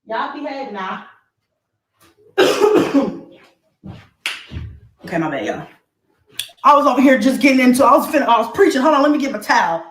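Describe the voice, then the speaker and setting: A woman ranting on her livestream, loud, profane and taunting her viewers. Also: a little high, expressive, normal speed, pauses often, roomy sound, a little hiss or hum. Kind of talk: brash livestream rant.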